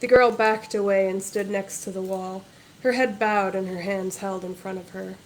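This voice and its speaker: A woman author reading her historical fantasy novel aloud in a measured, even way. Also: medium pitch, slight background noise, poor audio.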